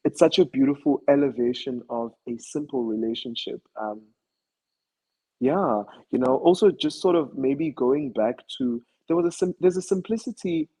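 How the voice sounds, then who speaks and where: Zulu south african guy, husky voice, talks slow and thoughtful about his music. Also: medium pitch, mellow, rough recording. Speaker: musician guest. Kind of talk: casual interview talk.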